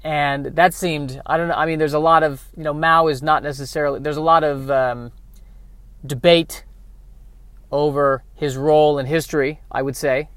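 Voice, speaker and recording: A man's voice: a little high, steady tone, normal speed, fairly bright tone, dry recording. A man talking in a rambling comic monologue, digressive and self-mocking, often talking to himself. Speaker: vlogger.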